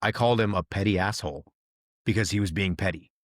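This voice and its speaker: A man's voice: low voice, fast, no echo, clean studio sound. A man hosting a podcast, telling stories in casual chat and acting out the voices of people he quotes. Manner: animated storyteller, acts out quoted voices. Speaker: podcast host, veteran.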